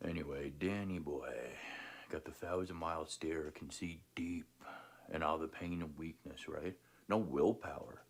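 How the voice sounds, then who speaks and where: A man in a played stream clip, taunting in a low, muttered near-whisper. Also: fairly even intonation, a little slow.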